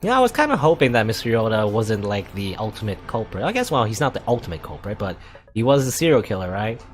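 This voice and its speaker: A man's voice: fairly low pitch, very animated, quick pace, faint music behind. A young man casually commenting on a visual novel as a let's play host, rambling with lots of likes and rights.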